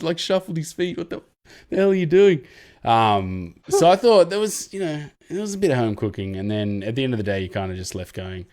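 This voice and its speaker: A man co-hosting a casual sports podcast, chatting loosely and acting out referees in mocking voices. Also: brisk. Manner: animated, mimics referees with jumps in pitch. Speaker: podcast co-host.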